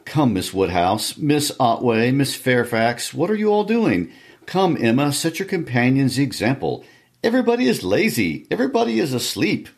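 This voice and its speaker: A man reading the part of a bustling, jovial older gentleman who calls guests to dance, in a raised, brisk voice. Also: medium pitch, very animated, vocal fry, slightly rough, pitched above the performer's own voice, heavily acted. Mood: rallying. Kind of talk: reading a novel's dialogue aloud.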